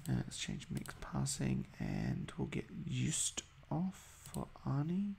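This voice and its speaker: A man's voice: medium pitch, huge pitch swings, slow, gravelly, darkish tone, a little hiss or hum. A man giving casual, hesitant commentary over a football management game, full of ums and uhs. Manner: chatty, hesitant, many ums. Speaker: gaming video host.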